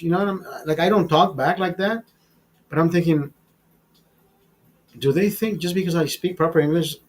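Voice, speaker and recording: A man hosting a live stream, ranting in a casual, profane and animated way. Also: on the high side, breathy edge. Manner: profane, animated, laughs at his own bits. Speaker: show host.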